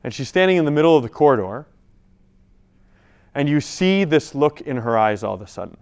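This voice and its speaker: Smooth-voiced male priest preaching. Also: mid-range voice, lively intonation, a little fast, a little mellow. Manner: storytelling, builds to preaching emphasis. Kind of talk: sermon.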